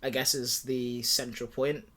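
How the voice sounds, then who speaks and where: A man co-hosting a podcast in casual chat, pitching a movie plot and acting out characters in quick voices, laughing often. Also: flat delivery, pushed and bright. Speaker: podcast co-host.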